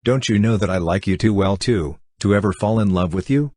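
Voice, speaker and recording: A cool, teasing young woman in a storybook, as a man with a deep, slightly husky voice reads her out, her talk calm and gently mocking, dry close sound with no room around it. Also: brisk, no room sound, natural voice.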